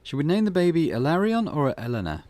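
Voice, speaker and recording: A fretful young village wife with a heavy Eastern European accent, as a man puts her on, her voice pushed well above his own and pleading. The pitch swings widely, and the delivery is a little louder than his usual talk. She scolds and insists like someone at the end of her rope in a retro mystery game. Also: sing-song, fast, dry recording. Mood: dreamy worry. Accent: put-on Eastern European. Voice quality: high pleading put-on voice.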